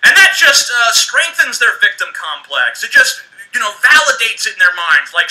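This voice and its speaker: High-voiced man in a crude rant. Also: sing-song, moderate pace, few pauses, sharp tone, rough recording. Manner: crude, contemptuous, swearing. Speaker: video blogger in a played clip. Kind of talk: ranting vlog.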